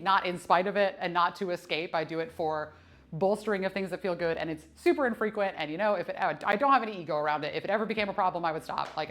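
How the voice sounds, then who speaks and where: A woman, talking on a live stream from the gym in a candid, chatty way. She swears freely and laughs a lot, her voice at an ordinary middle pitch. Quiet music plays in the background. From United States. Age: 30s. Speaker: fitness streamer. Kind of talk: casual live-stream chat. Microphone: streaming camera mic.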